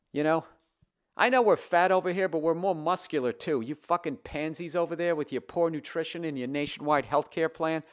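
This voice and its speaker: Profane, fired-up ranting comedian, a man. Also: on the high side. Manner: reading an email aloud and mocking it. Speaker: comedian podcast host. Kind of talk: comedic rant.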